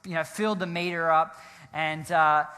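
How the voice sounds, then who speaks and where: A man, a pastor telling a rambling, animated story in a sermon, often laughing and restarting his sentences. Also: a little high, normal speed, clear, resonant tone. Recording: long hall reverb.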